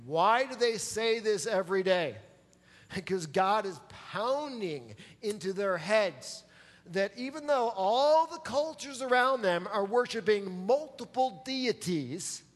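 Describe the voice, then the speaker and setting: A man's voice: high voice, animated, slow, big-room sound. A man preaching a sermon as pastor, emphatic and pressing his listeners to answer back. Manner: emphatic, calls for audience response.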